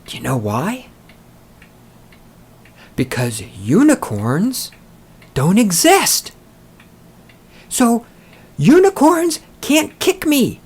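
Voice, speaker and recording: A man's voice: high-pitched, big pitch swings, very slow, pauses often, a little mellow, breathy edge. A man hosting a podcast, ranting with sarcastic, profane, mocking commentary. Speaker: podcast host.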